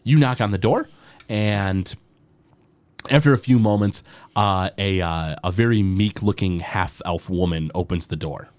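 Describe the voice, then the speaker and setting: Deep-voiced, halting game master. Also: male voice, a little mellow, no echo. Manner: halting, full of fillers. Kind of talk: narrating a tabletop game.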